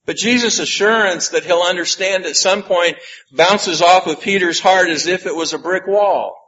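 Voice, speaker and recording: A man preaching a sermon, slow and emphatic, with dramatic pauses. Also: high-pitched, a bit bright, dull audio. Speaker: pastor.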